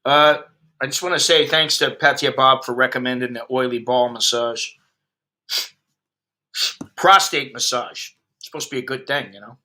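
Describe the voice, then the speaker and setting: Speaking at a normal speed with frequent pauses, this American expat vlogger in his fifties has a mid-range voice that stays steady, bright and forceful. He's on a livestream, ranting at his viewers in blunt, profane chat.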